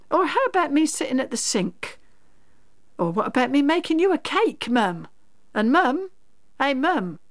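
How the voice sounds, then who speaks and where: A woman's voice: on the high side, no echo, clean studio sound. A woman reciting as a pestering little child. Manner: rhythmic verse recital, sing-song repetition. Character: small pestering child nagging mum.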